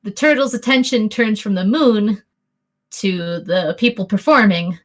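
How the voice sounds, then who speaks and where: A woman's voice: medium pitch, measured pace. A young woman narrating a tabletop game as game master, rambling with fillers and restarts.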